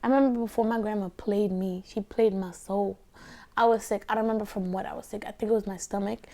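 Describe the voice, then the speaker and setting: A young adult woman talking casually while eating, sliding between soft speech and whispers, rambling through stories full of "like". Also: mid-range voice, steady tone, quick pace. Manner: rambling storyteller, heavy filler 'like'. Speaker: ASMR mukbang creator.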